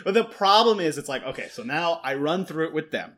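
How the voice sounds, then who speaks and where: A man with a lively, swooping voice spins a deadpan comic rant about his job. His pitch sits a touch high, and he sounds fed up in a playful way, cursing freely as he goes. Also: fairly quick. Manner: animated, exasperated storytelling with swearing. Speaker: radiologist in a comedy sketch. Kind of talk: deadpan comedic chat.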